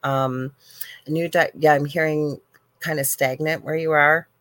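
A woman's voice: low-pitched, steady tone, a little slow, a bit bright, no echo, rough recording. A Canadian woman hosting a talk show and giving casual psychic readings, chatty and encouraging, with self-deprecating asides. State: briefly coughing. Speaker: psychic radio host.

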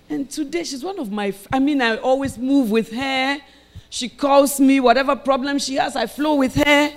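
Woman preaching a lively sermon. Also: high-pitched, normal speed. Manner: storytelling, acting out quoted voices, rising to shouted exhortation. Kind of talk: sermon with personal story.

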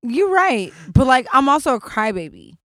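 A young woman co-hosting a podcast, telling stories in a blunt, profane and animated casual chat. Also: high-pitched, normal speed, dry recording, clean studio sound. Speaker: podcast co-host.

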